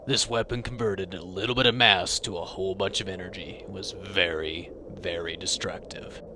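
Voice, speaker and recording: A man's voice: deep voice, steady tone, moderate pace, background noise. A young man narrating a scripted science lesson in a playful, jokey, theatrical way. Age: young adult. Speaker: science educator.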